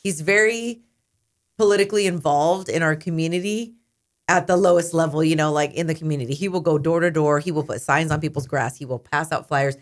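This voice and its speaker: A woman joining a casual podcast chat, relaxed and easygoing with light laughing asides. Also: sits low, brisk.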